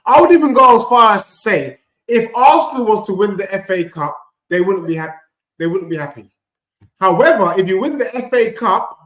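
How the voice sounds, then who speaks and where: A man hosting a live football watchalong, bantering with chat and shouting when goals go in. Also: sits high, roomy sound. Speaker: watchalong host.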